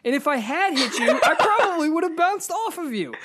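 A woman hosting a podcast, telling a story in casual chat with animated, profane energy. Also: very high-pitched, a little fast, a little hiss or hum. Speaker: podcast host.

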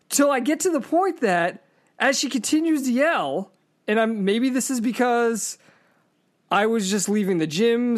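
A woman with a fairly high voice hosts a podcast in casual chat. She tells stories with animated, profane energy. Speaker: podcast host.

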